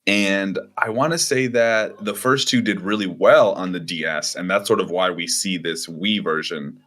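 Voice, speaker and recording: A young man co-hosts a podcast in a relaxed, hesitant manner, laughing easily between points. His voice sits a little low. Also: normal speed. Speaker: podcast co-host. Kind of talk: casual podcast chat.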